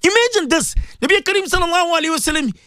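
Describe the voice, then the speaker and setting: A man's voice: very high-pitched, lively intonation, rapid-fire, pushed and bright, no room sound, clean studio sound. A man giving an impassioned radio sermon, repeating his points as he preaches.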